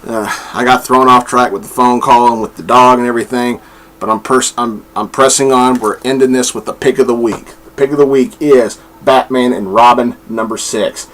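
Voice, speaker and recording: A man's voice: medium pitch, fairly even intonation, normal speed, fairly bright tone, slight background noise. Rambling casual male comic reviewer. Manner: rambling, chatty, self-interrupting with fillers. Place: room at home with his dog.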